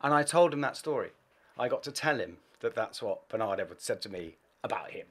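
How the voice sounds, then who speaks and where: A middle-aged English man, a bass player, telling animated anecdotes in a casual interview and laughing between phrases. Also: fairly quick, breathy edge. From England.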